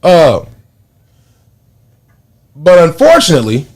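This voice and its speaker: A podcast host tells profane stories in casual chat, animated and laughing often. His voice is fairly high-pitched and slow.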